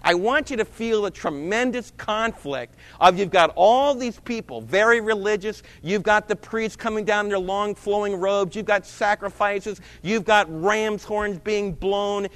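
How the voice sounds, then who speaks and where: Male pastor, high voice, theatrical sermon delivery with loud and hushed swings, big echoing sanctuary. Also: measured pace, hardly any pauses. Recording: long reverb of a large hall.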